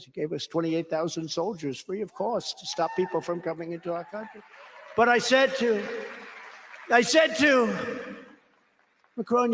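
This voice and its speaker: An older man delivers a rambling rally speech, bragging and repeating his points. His voice is slightly high for a man and swings between hushed asides and loud emphasis. Long reverb hangs on every phrase from the large hall. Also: creaky. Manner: boastful, repetitive, rambling, swings from quiet asides to shouts. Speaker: political speaker. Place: political rally.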